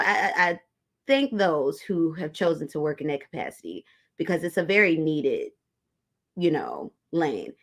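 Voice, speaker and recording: Woman host, tarot livestream, low-pitched, chatty and casual, talks straight to the audience. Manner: chatty, talks straight to viewers as y'all, reads comments aloud. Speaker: tarot reader hosting a livestream. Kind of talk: casual livestream chat with viewers.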